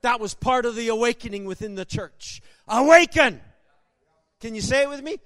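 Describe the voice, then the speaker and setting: A man preaching a sermon, telling stories with emphasis and bursting into shouts. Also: very high voice, fast talker, smooth, dry recording.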